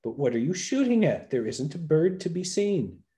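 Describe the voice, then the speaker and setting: A man's voice: fairly high pitch, very animated, normal speed, dark tone, pitched above the performer's own voice. A man voicing a simple, cheerful young peasant fool who calls out eagerly to strangers.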